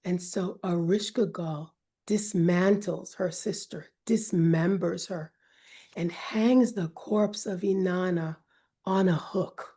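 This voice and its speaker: A woman storyteller retelling an ancient myth in a measured, dramatic way, sometimes dropping to a whisper. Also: on the low side, fairly even intonation, dark tone, husky.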